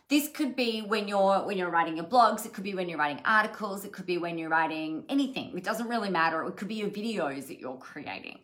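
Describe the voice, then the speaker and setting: A woman's voice: medium pitch, a bit bright. A woman leads a live-streamed coaching session. She talks chattily and directly to her viewers in a mid-range voice, often circling back to restart her sentences. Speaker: business coach and live show host.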